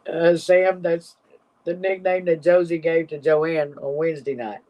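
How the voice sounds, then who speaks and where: A woman's voice: deep voice, fairly even intonation, unhurried, darkish tone. A woman hosting a casual live stream, reading viewer comments aloud and laughing constantly until she is breathless. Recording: slightly dull lo-fi audio.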